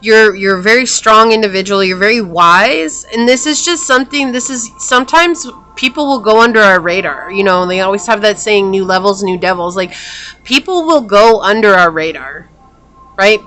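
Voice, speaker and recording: A woman's voice: medium pitch, normal speed, bright, forceful tone, a little hiss or hum. A woman talks through a tarot spread in a loose, chatty way, with a mid-range voice. She leans on fillers and restarts, and she breaks off now and then for hiccups. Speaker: tarot reader. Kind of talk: casual spoken tarot reading.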